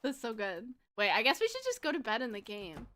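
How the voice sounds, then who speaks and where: A woman's voice: fairly high pitch, huge pitch swings, fairly quick, a bit bright. A woman in her twenties chatting casually on a gaming livestream, bubbly and giggly, rambling with lots of fillers. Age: 20s. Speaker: streamer.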